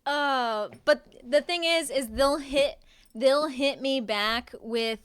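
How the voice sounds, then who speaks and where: A woman's voice: high-pitched, slow, a bit bright, clear, resonant tone, dry recording. A young woman live streaming from home, chatting casually with her viewers and answering their chat with playful sarcasm.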